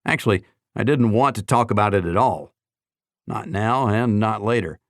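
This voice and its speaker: A man narrating a novel in the first person in a measured, even storytelling manner. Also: fairly low pitch, dry recording, studio quality. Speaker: audiobook narrator.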